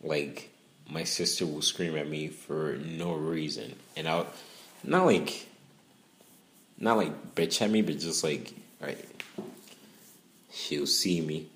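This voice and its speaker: A man's voice: very deep voice, takes it slowly, pauses often, fairly bright tone. A young man, rambling casually and profanely in a laid-back monologue.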